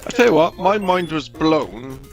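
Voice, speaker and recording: Guy on a game stream, lively voice going up and down, stumbles over his words, music going behind. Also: on the high side, normal speed. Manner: animated, stammering restarts, breaks into mock accents. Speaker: co-host. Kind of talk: casual chat while gaming on stream. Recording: music playing in the background.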